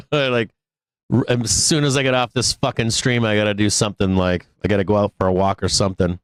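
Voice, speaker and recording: A man's voice: on the low side, fairly even intonation, fairly quick, clear, resonant tone, no echo. A man hosting a live trading stream, venting angrily and swearing about a lost trade. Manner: profane, angry and venting, with bursts of laughter. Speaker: livestream trading show host.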